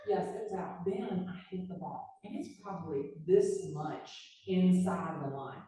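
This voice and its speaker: A woman, a real estate agent giving a chatty, animated storytelling talk to a live audience. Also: fairly low pitch, a little slow, few pauses. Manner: chatty, animated storyteller with lively quoted voices.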